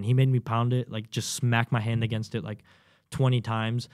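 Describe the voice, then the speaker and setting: A man's voice: medium pitch, fairly quick. Young man telling a rowdy bootcamp story. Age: young adult. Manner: animated, swearing, acts out quotes loudly. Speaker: podcast guest, new Marine. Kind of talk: casual storytelling. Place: podcast studio.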